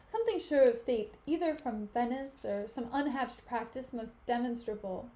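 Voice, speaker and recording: A woman's voice: fairly high pitch, expressive, moderate pace, mellow, natural voice. Desdemona, a woman reading as an earnest young noblewoman. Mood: troubled.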